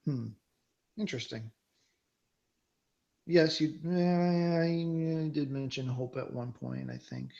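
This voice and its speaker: A man's voice: mid-range voice, normal speed, creaky, warm tone, dull audio. A man playing a card game, chatting casually and thinking aloud about his moves. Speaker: card game player and co-host. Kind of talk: casual gameplay chat.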